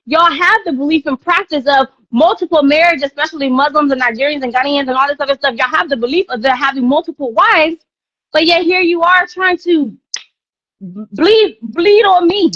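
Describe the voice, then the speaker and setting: High-voiced woman ranting on a live stream. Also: fairly bright tone, dry recording, lo-fi sound. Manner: confrontational, profane, repeats phrases for emphasis. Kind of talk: heated live-stream rant.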